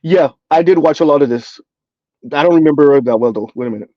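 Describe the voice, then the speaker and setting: A man's voice: fairly high pitch, quick pace, no echo, muffled recording. A man giving casual, rambling live-stream commentary, often checking in with "right?" and "like". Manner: rambling, conversational, frequent "right?" and "like". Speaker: commentary streamer reading chat.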